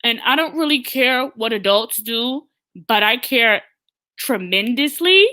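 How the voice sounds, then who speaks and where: A woman's voice: mid-range voice, sharp tone. A woman hosting an opinionated live talk stream, blunt and emphatic, often stammering and restarting her sentences. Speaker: host.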